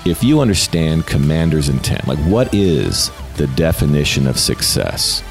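A middle-aged American man with an extremely deep voice, talking as an interview guest. He speaks earnestly in a relaxed, conversational way and often stumbles over repeated words as a thought gets going. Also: moderate pace, gravelly, faint music behind. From United States. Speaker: guest, retired fighter pilot. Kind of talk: casual interview talk.

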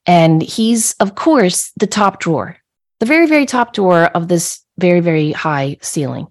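A middle-aged woman with a fairly low voice tells a personal story on a podcast. Her tone stays conversational and animated, and she acts out her own outbursts with a laugh. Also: moderate pace. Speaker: podcast host.

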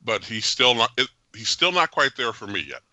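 Man, podcast host, dry close sound, animated, opinionated, casual film review. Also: mid-range voice, normal speed, no echo. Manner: animated, jokey, opinionated, laughs often. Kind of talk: casual movie review chat.

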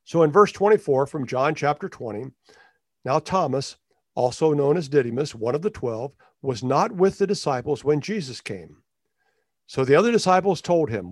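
A man's voice: on the high side, lively intonation, fairly quick, dry recording, clean studio sound. A man preaching a sermon as a pastor, in a reflective, conversational way, often restarting his phrases.

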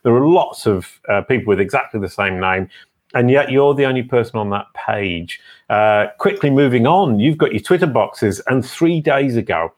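A man's voice: mid-range voice, animated, normal speed. A man hosting a casual online interview, chatty and enthusiastic with playful teasing. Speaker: host.

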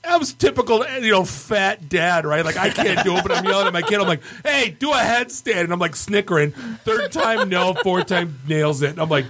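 A man's voice: high voice, a little fast, hardly any pauses, fairly bright tone. A middle-aged father on a podcast, chatting casually with wry, self-deprecating humor. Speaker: podcast co-host. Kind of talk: casual chat.

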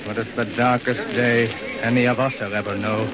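An actor playing a weary, well-traveled soldier, narrating in a somber, measured way in 1940s radio drama narration. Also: male voice, mid-range voice, flat delivery, crowd noise, close to an everyday voice. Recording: muffled old radio recording with noise.

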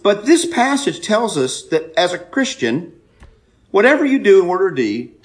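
A man preaching a sermon, telling a personal story with loud emphatic bursts and quiet asides. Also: high voice, big pitch swings, moderate pace. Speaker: pastor.

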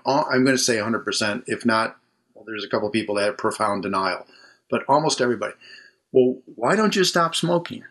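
A man's voice: on the low side, vocal fry, a bit bright, slightly rough. A man working as a mental health counselor, chatting as an interview guest from a room at home, rambling and restarting his sentences. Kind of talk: casual interview conversation.

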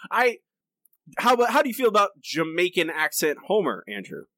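A man co-hosting a podcast, talking in a rambling, halting way with frequent laughs. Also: high-pitched, wildly swooping pitch, bright, forceful tone, no echo, studio quality. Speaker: podcast co-host. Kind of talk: casual chat.

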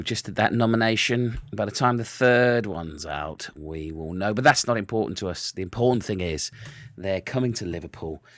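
A man's voice: on the low side, dry recording. A man hosting a podcast in casual chat, rambling with frequent restarts. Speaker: podcast host.

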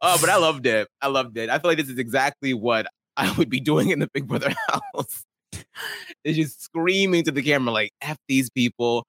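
A man's voice: mid-range voice, lively intonation, a little fast, fairly bright tone, no room sound. A man co-hosting a reality show recap podcast, teasing and laughing as he talks.

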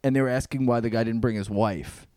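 A man co-hosting a comedy podcast in casual, deadpan chat, swearing freely. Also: medium pitch, fast, dry recording, clean studio sound. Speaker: podcast co-host.

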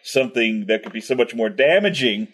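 Skidmark is a smooth-talking peasant adventurer in a tabletop game, voiced by a man with a put-on Scottish accent. He halts and fills his speech with "uh" as he coaxes. His voice sits at an ordinary middle pitch. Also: lively intonation, a bit bright. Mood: coaxing. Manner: halting, full of "uh" fillers.

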